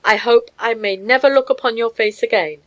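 A woman voicing a gruff, hot-tempered Scottish scholar who speaks curtly and sternly in a storybook reading. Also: a little high, expressive, moderate pace, natural voice. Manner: stern, curt.

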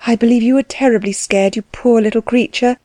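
A gentle young aunt speaks softly and pleadingly, her voice lifted a little above the reader's own, as a woman reads her for a storybook. The tone is mellow and warm, and the sound is dry and close. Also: on the high side, steady tone, a little fast, no room sound, voice pushed up, natural voice. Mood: tender.

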